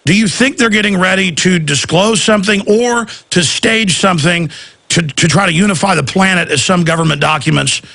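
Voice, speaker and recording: A man's voice: high-pitched, fairly quick, creaky, bright, forceful tone, no room sound. A man hosting a talk radio show, asking rambling, intense questions full of restarts.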